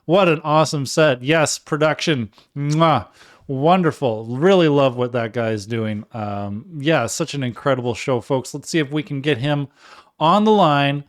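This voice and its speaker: A man's voice: mid-range voice, unhurried. A man hosting a live music stream, upbeat and jokey, laughing often as he chats with a guest. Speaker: livestream host. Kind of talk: casual live show hosting.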